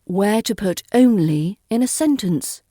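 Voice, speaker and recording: A woman with an RP British accent teaching pronunciation. She says each example slowly and deliberately and repeats every word. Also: medium pitch, lively intonation, mellow, no echo, faint music behind. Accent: southern British English, RP. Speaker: accent coach. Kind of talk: pronunciation lesson.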